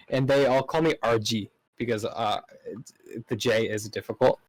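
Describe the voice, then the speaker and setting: A man's voice: fairly low pitch, fairly even intonation, a little slow, no echo, poor audio. A man guesting on a casual podcast, laid-back and swearing casually.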